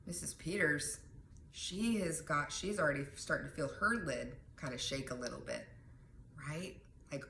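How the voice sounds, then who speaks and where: A woman teaches calming techniques in a relaxed, conversational way, often checking in with "right?". Her voice sits low for a woman. The sound is echoey, with steady background noise. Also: moderate pace. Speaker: wellness educator.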